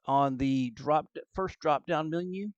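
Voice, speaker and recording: Explaining rules slowly and with plenty of fillers, a game master runs an online tabletop session over a call in relaxed chat. His voice is a little high, and the recording is dry and dull.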